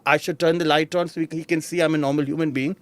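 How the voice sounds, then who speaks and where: A man's voice: fairly high pitch, quick pace, dry recording. Indian man telling his life story. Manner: animated, mimics voices of people in his stories. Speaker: interview guest. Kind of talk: personal storytelling.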